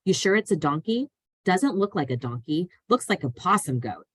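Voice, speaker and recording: A woman reading aloud voices a blunt, gloomy young girl who speaks flatly and matter-of-factly. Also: fairly low pitch, moderate pace, breathy edge, dry recording, studio quality. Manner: flat, blunt and matter-of-fact.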